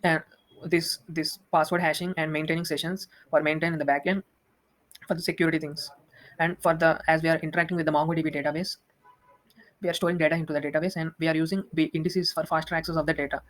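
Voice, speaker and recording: A young man walking through a software demo, talking quickly with many restarts. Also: fairly high pitch, poor audio. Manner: fast, flat, with frequent restarts and fillers. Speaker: student presenting a project demo.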